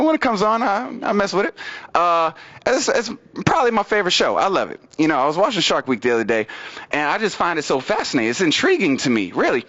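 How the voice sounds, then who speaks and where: Young man doing open-mic stand-up. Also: fairly bright tone. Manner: conversational, repeats "you know what I mean", big pitch swings for punchlines. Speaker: stand-up comedian. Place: small venue at an open mic, in front of an audience. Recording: muffled lo-fi live recording.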